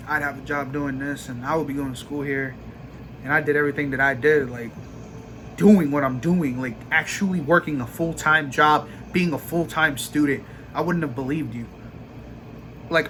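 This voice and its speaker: A man's voice: fairly high pitch, a bit bright, slight background noise. A young man with a New York accent, venting casually and profanely about his job as a vlogger. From Brooklyn, New York. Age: young adult. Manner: profane, ranting, rapid bursts.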